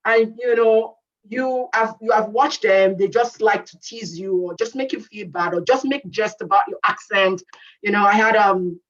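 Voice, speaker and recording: A woman's voice: mid-range voice, moderate pace, fairly bright tone. Woman coaching youth over lo-fi audio. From immigrant to Canada. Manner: conversational, repeats phrases, lots of "you know". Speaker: youth workshop speaker. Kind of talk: motivational talk to youth. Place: Canada.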